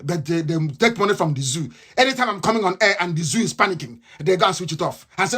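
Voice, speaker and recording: A man's voice: high-pitched, lively intonation, fast, hardly any pauses, a bit bright, slightly rough. A man with a Nigerian accent giving a combative, mocking live radio address, repeating his points again and again. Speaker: radio broadcaster.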